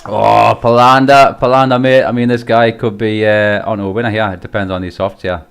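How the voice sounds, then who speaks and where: A man's voice: fairly low pitch, little pitch movement, moderate pace, gravelly, clear, resonant tone. A man hosting a live stream and commentating a sim race, chatty, laughing often and swearing casually.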